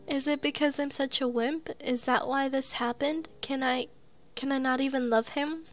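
Timid teary young woman from a horror game, pleading and blaming herself, read by a woman in her own high bright voice. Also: fairly even intonation, takes it slowly, soft background music, exaggerated voice. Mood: distraught. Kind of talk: reading game dialogue aloud.

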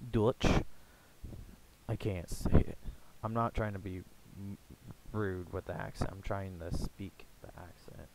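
Young man, casual vlog rambler, slow and gravelly, faint hiss behind. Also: lowish voice, darkish tone, poor audio. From United States. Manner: rambling, halting, many fillers and restarts. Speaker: gaming YouTuber.

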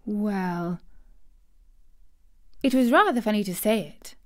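A woman's voice: medium pitch, lively intonation, slow pace. A woman voicing a blunt, earnest young girl in a storybook reading, speaking frankly and sometimes snappishly. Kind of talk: audiobook character voice.

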